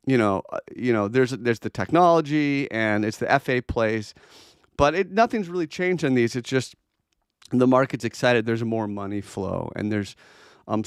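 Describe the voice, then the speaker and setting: A blunt, chatty man hosting a trading livestream, talking loosely through charts with lots of ums and restarts. His voice is smooth and clear at a middling pitch, close to the mic in a dry, deadened room. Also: no echo. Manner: chatty, blunt, answers chat requests, many fillers and restarts. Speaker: crypto trading livestream host. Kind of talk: casual livestream chart commentary.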